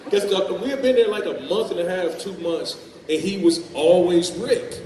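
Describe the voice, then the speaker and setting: A man's voice: sits high, moderate pace, mellow. A man on a convention panel telling a story in a casual, colloquial way, laughing along. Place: large convention hall. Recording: echoey hall, far from mic, background ambience.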